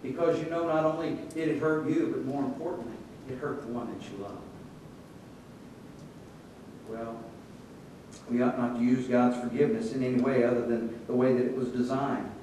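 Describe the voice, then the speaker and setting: A man preaching a sermon in a relaxed, conversational way, telling stories and acting out the voices in them. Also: moderate pace. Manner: conversational storytelling with quoted voices. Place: church sanctuary. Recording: echoey church room, distant mic, faint rumble.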